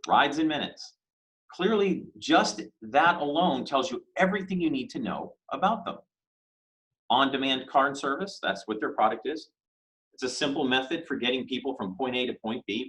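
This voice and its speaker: A man teaching a casual business lesson, talking conversationally with rhetorical questions and lively emphasis on key words. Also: mid-range voice, rough recording. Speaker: business instructor.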